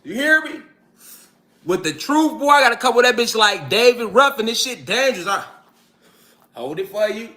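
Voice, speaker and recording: A man's voice: very high-pitched, very animated, moderate pace, pauses often, sharp tone. A man giving a profane, preachy lecture to his viewers, full of repeated call-and-response asides. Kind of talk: street-style lecture to viewers.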